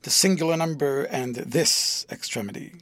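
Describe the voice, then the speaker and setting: A formal, secretive old gentleman, as a male reader puts him on, fussy and confiding. The voice sits a little high for a man, and the recording is dry and close. Each line comes out stiff and proper. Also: moderate pace, dry recording, lightly acted. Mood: solemn. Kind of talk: audiobook dialogue reading.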